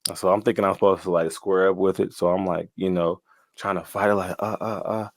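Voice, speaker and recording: A man's voice: low-pitched, level tone, fast talker, dry recording, clean studio sound. A young man telling his story casually as a guest, slangy and often laughing, with lots of "like" and "bro.".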